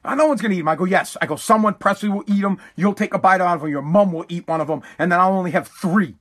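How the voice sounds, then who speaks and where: A middle-aged man telling a profane, comedic rant about his family eating his food, animated and building to shouts. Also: high voice, quick pace.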